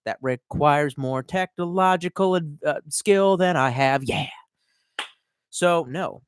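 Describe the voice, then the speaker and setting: A man's voice: on the high side, takes it slowly, clear, resonant tone, dry recording, studio quality. A young man chatting casually on a live stream, reading comments aloud and rambling with lots of swearing while a bit tipsy from wine. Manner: rambling, profane, reads chat aloud.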